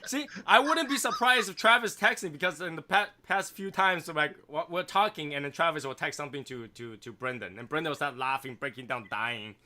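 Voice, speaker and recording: A man's voice: on the high side, a little fast, hardly any pauses, pushed and bright. A man hosting a casual group chat stream, laughing often as he talks. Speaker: stream host.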